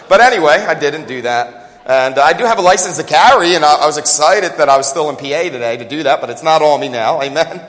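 A man preaching a sermon as a pastor, talking fast and joking in a conversational way, recorded with long hall reverb in a church. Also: on the high side, lively intonation, a bit bright. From United States.

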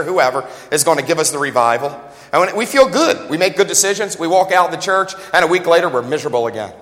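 A man preaching a sermon as a pastor, talking fast and joking in a conversational way, recorded with long hall reverb in a church. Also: on the high side, a bit bright. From United States.

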